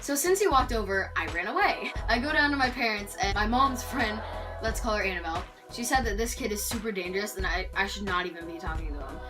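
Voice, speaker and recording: A teenage girl from Canada telling a story in a lively vlog, acting out what people said. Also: medium pitch, quick pace, distant mic. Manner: animated storytelling, acting out quotes. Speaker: vlogger. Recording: voice off-mic with loud background music.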